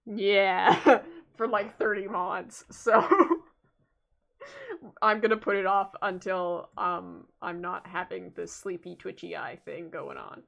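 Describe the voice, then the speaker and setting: A woman's voice: lowish voice, vocal fry, a bit bright. A young Canadian woman with a Canadian accent, chatting casually to her viewers during a game stream, rambling with lots of fillers.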